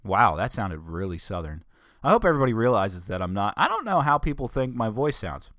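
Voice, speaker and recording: A man's voice: lowish voice, sing-song, brisk, a bit bright, no room sound, studio quality. Rambling casual podcast host, man. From northern Delaware. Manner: rambling, self-correcting, joking asides. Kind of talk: casual solo podcast monologue.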